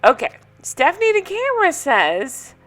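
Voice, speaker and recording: A woman's voice: very high voice, huge pitch swings, moderate pace, fairly bright tone, soft background music. A woman vlogger chatting casually through a TV recap, blunt and opinionated, often laughing.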